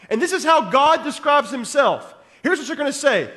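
A man's voice: extremely high pitch, very animated, moderate pace, a bit bright, in a large hall. A man preaching a sermon, teaching verse by verse and stopping often to ask his listeners "okay?". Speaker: pastor.

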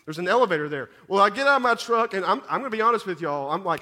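A man, preaching a sermon that moves between scripture reading, prayer and lively storytelling, often repeating words as he goes. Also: very fast, hardly any pauses. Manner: animated storyteller, repeats words, rises in pitch and volume at dramatic moments. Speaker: pastor.

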